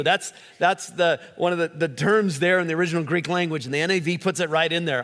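A male pastor giving an animated sermon, acting out quotes as he preaches. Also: on the high side, quick pace, hardly any pauses. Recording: long hall reverb.

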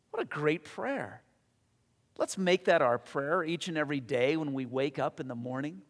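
A man's voice: on the high side, lively intonation, measured pace, long reverb tail. A man preaching a sermon as pastor, telling stories in an earnest, conversational way with fillers, then leading a closing prayer.

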